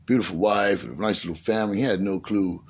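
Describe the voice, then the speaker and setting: A man's voice: on the low side, brisk. A middle-aged man telling a rambling, profane story in street slang, acting out what people said.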